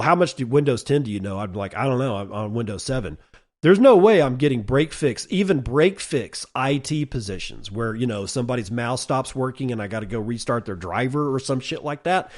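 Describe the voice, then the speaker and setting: A man hosting a solo podcast, reading out numbers and listener messages and ranting casually and bluntly, with some swearing. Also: medium pitch. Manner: reads listener messages and figures aloud. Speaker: podcast host.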